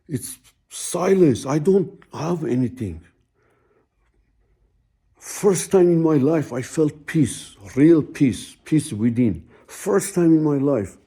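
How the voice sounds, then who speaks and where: A man's voice: a little high, lively intonation, slow, dark tone, slightly rough. A man telling his own story in a rambling, heartfelt way, full of asides to the listener. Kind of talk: casual spoken storytelling.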